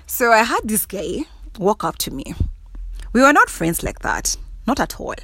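Young Kenyan woman vlogger, lively swooping pitch, dry close sound, blunt and laugh-prone. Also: a little slow, slightly rough, dry recording. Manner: laughs often, blunt and cussing, animated and emphatic. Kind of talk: casual monologue to camera.

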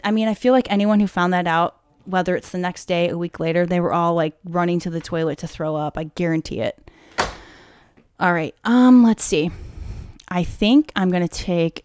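A woman's voice: on the low side, dry recording. Young woman, podcast host, casual crime storytelling, profane and indignant, whispers asides, dry close mic.

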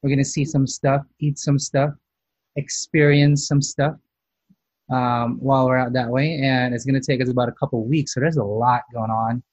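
A man's voice: mid-range voice, fairly even intonation, normal speed, a little mellow, dry recording. A man hosting a casual food podcast as a chef, chatty and self-mocking, restarting his sentences often. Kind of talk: casual chat.

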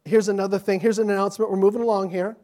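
High-voiced middle-aged pastor telling stories. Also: male voice, rapid-fire. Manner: animated, chatty, with frequent restarts. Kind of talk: children's sermon storytelling.

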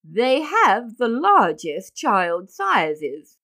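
A woman reading aloud, voicing a polite, measured shop clerk. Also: on the high side, huge pitch swings, pushed and bright, pitched above the performer's own voice, heavily acted.

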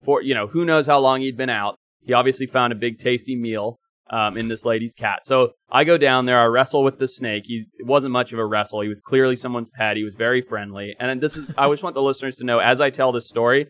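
A young man from Africa, co-hosting a podcast, telling stories in an animated, emphatic way, sometimes swearing. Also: mid-range voice, fairly quick, few pauses, no echo. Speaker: podcast co-host. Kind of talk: casual chat and storytelling.

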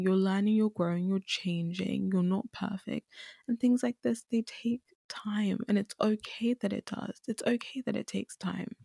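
A young woman hosts a candid solo podcast in a warm, medium-pitched voice with vocal fry, recorded dry and close with no room sound. She's earnest and emotional, tearful at times, and repeats herself for emphasis.

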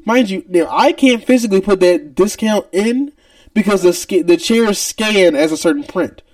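A podcast co-host with a high voice tells a retail story casually at a normal pace, animatedly imitating angry customers as they shout. The recording is dry, with the mic placed at a distance.

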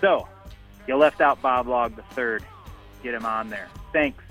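A man's voice: medium pitch, measured pace, music in the background. A man leaving a wordy voicemail for a radio show, full of "uh" fillers. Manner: filler-heavy, wordy, enthusiastic. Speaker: caller. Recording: dull phone message.

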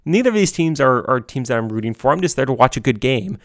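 Young guy hyped up talking sports at home, keeps repeating himself, normal pitch. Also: fast, no room sound, studio quality. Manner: excited, gushing, repeats himself. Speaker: sports commentator. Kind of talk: solo sports commentary. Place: home basement.

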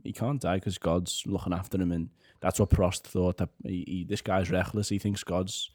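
A podcast co-host with a lowish male voice talks in loose, casual chat. He sounds chatty and animated and often breaks into laughter. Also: moderate pace.

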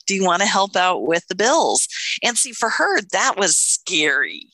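A woman co-hosting a casual podcast, telling stories with lots of laughter and sudden excited jumps in her voice. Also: measured pace, dry recording. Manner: animated storytelling, laughs often, jumps into high excited voices. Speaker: podcast co-host. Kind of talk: casual spiritual podcast chat.

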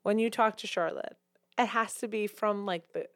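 A woman co-hosting a podcast in casual chat, giggly and animated as she tells stories, on a close mic. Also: mid-range voice, moderate pace, dry recording. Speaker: podcast co-host.

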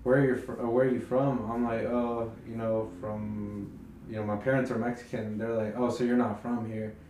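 A soft-spoken American man chatting on a podcast in a low-key way, recounting back-and-forth exchanges. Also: level tone, moderate pace, slight background noise. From United States. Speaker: podcast co-host. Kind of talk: casual chat. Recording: roomy echo.

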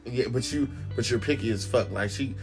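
A man talks casually and profanely, often laughing and slipping into quoted voices as he retells a night out. His pitch sits mid-range for a man. Music plays clearly underneath. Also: a little fast. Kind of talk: casual chat.

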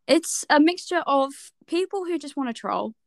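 Brief: young West Country woman, podcast co-host, bright higher voice, dry close mic, swears, mimics people. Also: animated, moderate pace, gravelly, dry recording. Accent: West Country English. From West Country, England. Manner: swears freely, acts out quoted people with laughs. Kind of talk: casual chat.

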